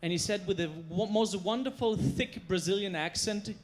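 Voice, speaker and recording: Higher-voiced man storytelling on stage. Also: normal speed. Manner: storytelling, emphatic, playful. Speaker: chef giving a stage talk. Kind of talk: stage presentation. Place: stage before a live audience.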